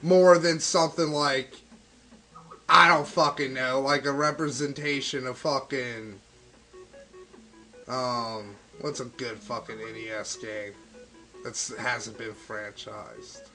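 A young gaming video host, stoned, rambles and rants with constant swearing while playing an old video game in a profane let's-play. His mid-range voice is fairly even and slow, pushed and bright, with faint music behind and poor audio.

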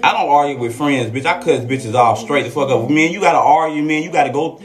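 A transgender woman with a deep voice talks fairly quickly, chatting frankly and with plenty of profanity to viewers on her live stream. Faint classical Christmas music plays in the background.

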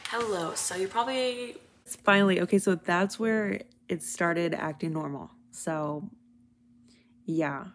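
A lowish female voice takes its time in this casual to-camera vlog, with slight background noise. The young woman holds the phone at arm's length while out at stores and in her apartment, chatting in slang and peppering in "bro" and "like."

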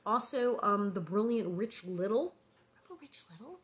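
A woman's voice: mid-range voice, animated. Woman host, casual and rambling, lots of "um"s and little laughs, chatty aside between chapters. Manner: chatty and rambling, with many fillers and quick laughs. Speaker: host reading a book aloud online. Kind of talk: casual chat between readings.

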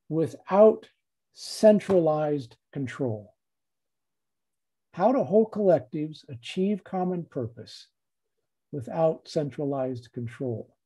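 A man giving a reflective dharma talk in a measured way, repeating phrases and leaving long pauses. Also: a little high, mellow, breathy edge.

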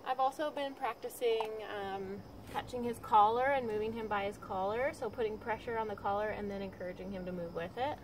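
A woman dog trainer calmly explaining, step by step, how she trains a dog. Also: brisk, hardly any pauses, noisy background. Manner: calm, practical explaining with frequent high-pitched praise to the dog.

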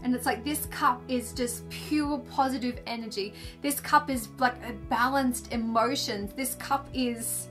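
A woman's voice: on the high side, fairly even intonation, unhurried, few pauses, music in the background. A woman doing a casual, gushing livestream card reading, chatty and full of fillers. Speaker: tarot and angel card reader. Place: indoors under filming lights.

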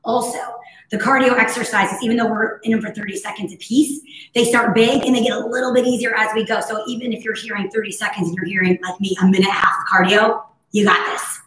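A woman fitness instructor with a hoarse, husky voice, cueing breaths and moves in a casual, encouraging live workout class. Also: mid-range voice, little pitch movement, quick pace, a bit bright. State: hoarse from overuse. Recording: very echoey room.

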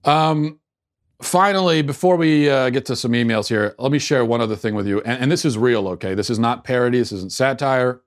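A man's voice: medium pitch, a little fast. A man hosting a talk show, giving sarcastic commentary and then answering listener emails casually, with many fillers and restarts. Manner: sarcastic, mock-outraged. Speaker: podcast host.

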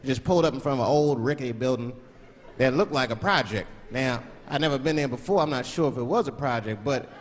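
A man from Washington, D.C. doing a stand-up comedy routine, animated and slipping into put-on voices. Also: medium pitch, quick pace. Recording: live show in a big hall with a loud laughing crowd.

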